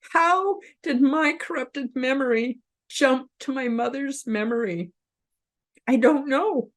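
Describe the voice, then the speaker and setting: A woman's voice: high-pitched, expressive. Tearful woman host telling a personal story. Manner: earnest, openly emotional, halting with restarts.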